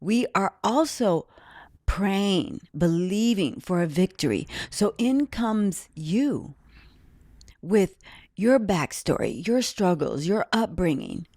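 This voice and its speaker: A woman's voice: mid-range voice, big pitch swings, takes it slowly, mellow, no echo, studio quality. A woman podcast host giving an earnest, reflective, faith-based talk about her own life.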